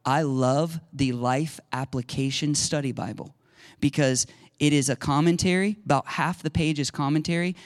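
A middle-aged pastor delivers a conversational sermon in a slightly raised voice. He talks to the congregation like friends, then erupts into loud, excited shouting. The sound is close and dry. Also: a little high, normal speed, dry recording.

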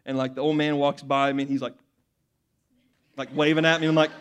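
Excited preacher telling stories. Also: male voice, on the high side, a little fast, a little hiss or hum. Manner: rambling storyteller, many restarts, grows loud and excited. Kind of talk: sermon with personal stories.

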